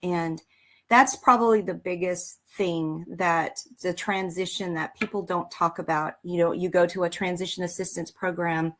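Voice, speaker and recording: Rambling woman veteran, low voice. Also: steady tone, normal speed. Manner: rambling, with many fillers and restarts. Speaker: guest, military veteran and author. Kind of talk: casual interview chat.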